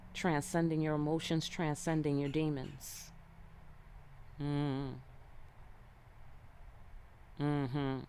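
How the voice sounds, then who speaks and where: Low-voiced, streetwise tarot reader woman. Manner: streetwise, animated, swearing, checks in with the listener. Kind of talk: casual spoken tarot reading.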